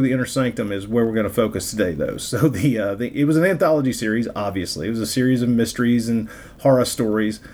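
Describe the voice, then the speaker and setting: A man hosting a podcast, talking casually and with enthusiasm, often halting on fillers and restarts. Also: mid-range voice, a little mellow. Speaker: podcast host.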